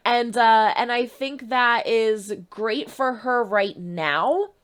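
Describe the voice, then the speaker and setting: A woman hosting a reaction video, chatting casually through an episode recap, often restarting sentences and jumping up in pitch to stress her points. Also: takes it slowly, fairly bright tone, clean tone.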